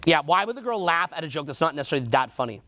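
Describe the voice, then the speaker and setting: A man's voice: fairly high pitch, very animated, racing, pushed and bright. A man with a Canadian accent teaching a seminar, quizzing the audience and repeating their answers back. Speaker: dating coach.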